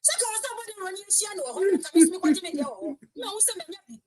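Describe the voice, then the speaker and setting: A woman from Ghana giving fast, emphatic political commentary, mixing Twi and English. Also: very high-pitched, lively intonation, a little mellow.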